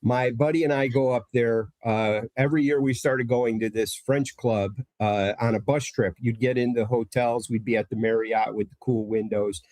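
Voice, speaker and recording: A man's voice: medium pitch, fairly even intonation, moderate pace, hardly any pauses, a little mellow, no room sound. A man from Connecticut, chatting casually on a podcast and telling stories with lots of fillers and restarts. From Connecticut, USA. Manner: rambling, storytelling with many fillers. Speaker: guest presenter.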